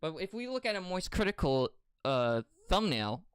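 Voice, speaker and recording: A streamer giving casual advice on a livestream, rambling and halting, with many restarts and fillers. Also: medium pitch, big pitch swings, clean tone.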